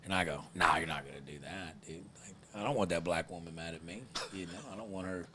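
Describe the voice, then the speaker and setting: A podcast host with a low voice talks fast over a noisy background. In casual chat, he rambles through a long, crude story, poking fun at himself along the way.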